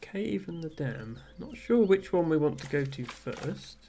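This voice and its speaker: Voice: medium pitch, animated, a little slow, dark tone, a little hiss or hum. A streamer playing a game live, chatting casually and amused while reading chat messages aloud.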